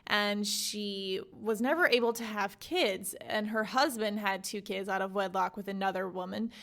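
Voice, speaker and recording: A young adult woman hosting a book podcast, summarizing a memoir in a chatty, animated way full of "like" and "you know". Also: mid-range voice, moderate pace, creaky. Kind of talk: casual book summary with read-aloud excerpts.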